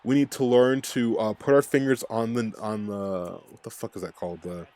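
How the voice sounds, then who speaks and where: A man's voice: lowish voice, fairly even intonation, normal speed, dark tone, no room sound. A man hosting a fan recap podcast, ranting in an angry, profane, rambling way. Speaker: podcast host.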